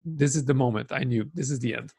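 Husky-voiced male podcast co-host. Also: medium pitch, quick pace. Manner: animated storyteller, teasing. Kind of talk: casual chat.

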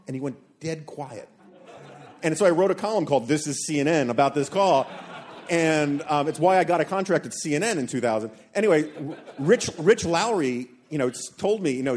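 A man with a fairly high voice tells a funny story in front of a live audience, acting out everyone he quotes. His delivery is animated, jumping between his own telling and the voices of other people. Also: a little fast. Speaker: podcast panelist telling a story. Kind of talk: live podcast storytelling on stage. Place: hotel event room with a live audience.

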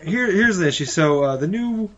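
A man hosting a casual gaming podcast, briskly steering the topics. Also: high voice, expressive, a bit bright. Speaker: podcast host. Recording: dull lo-fi mic with faint hiss.

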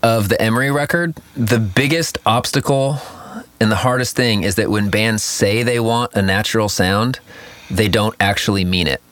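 A man's voice: fairly low pitch, normal speed, a bit bright, dry recording. A man in casual chat, answering questions about producing music with lots of fillers and acted-out quotes. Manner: rambling, many fillers, acts out quotes.

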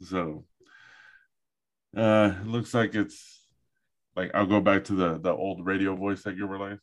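A man's voice: low-pitched, steady tone, a little slow. A man hosting a casual podcast chat, loose and profane, reading out news items between banter. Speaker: podcast host.

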